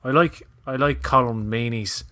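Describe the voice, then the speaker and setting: A man talks loosely and jokingly, trailing off and restarting as he comments on an episode. His voice sits at an ordinary middle pitch. The talk is casual and offhand. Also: moderate pace. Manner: rambling, jokey, breaks into shouted movie impressions. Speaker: podcast co-host.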